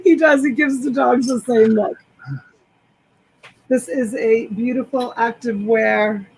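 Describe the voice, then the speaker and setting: Husky-voiced woman hosting a live sale. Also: on the high side, steady tone, slow, darkish tone, poor audio. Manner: enthusiastic, rambling product descriptions. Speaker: live-selling host. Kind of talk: chatty live sales stream. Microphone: desktop USB microphone.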